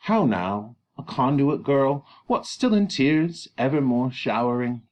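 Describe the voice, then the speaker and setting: Brief: proud, quick-tempered noble father, read by a man, blustering, with big swings in pitch. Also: lively intonation, darkish tone, muffled recording, close to an everyday voice. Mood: tender. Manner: blustering, rhetorical questions.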